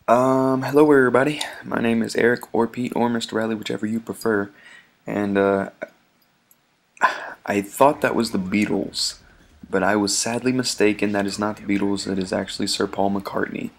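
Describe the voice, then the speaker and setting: Male gameplay commentator, low gravelly voice, loose chatty rambler. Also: level tone, moderate pace. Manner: rambling and chatty, many ums and restarts, chuckles often.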